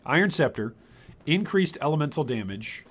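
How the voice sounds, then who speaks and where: An older man from Michigan chatting with his chat while streaming a game, with bursts of excitement. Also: on the high side, normal speed, breathy edge. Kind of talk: live gameplay commentary.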